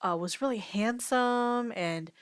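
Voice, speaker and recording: A woman's voice: on the high side, takes it slowly, clean tone, dry recording. A woman streamer telling a long story in casual chat, rambling with many fillers and restarts.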